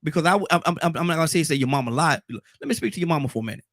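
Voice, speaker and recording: A man's voice: fairly high pitch, very fast, a bit bright, no room sound, clean studio sound. A man playing a flustered, stalling dad. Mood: flustered, defensive. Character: flustered father caught off guard by his son.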